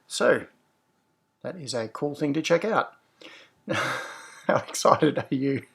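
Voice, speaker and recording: A man's voice: on the high side, expressive, takes it slowly, gravelly, breathy edge. A man hosting a casual livestream, greeting viewers cheerfully and then explaining technical questions in a rambling way. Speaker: host.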